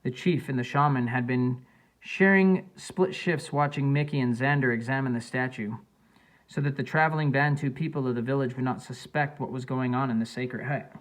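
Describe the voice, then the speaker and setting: Male audiobook narrator, mid pitch, plain unpolished read. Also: moderate pace, rough recording.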